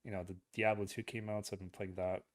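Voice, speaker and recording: Low-voiced sarcastic podcast co-host. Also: male voice, flat delivery. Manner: sarcastic, halting. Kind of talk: casual chat.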